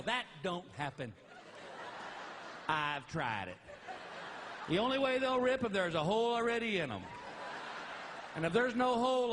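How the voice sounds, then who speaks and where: Middle-aged male stand-up, high and lively delivery, live stage recording with noise. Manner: animated, acts out voices. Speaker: stand-up comedian. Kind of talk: stand-up comedy routine. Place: live venue with audience.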